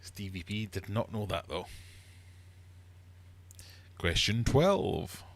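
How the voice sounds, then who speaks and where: Low-voiced teasing quizmaster man. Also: expressive, takes it slowly, vocal fry. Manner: playful, teasing, mock-uppity. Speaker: livestream host and quizmaster. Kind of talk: live-streamed quiz chat. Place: fish room.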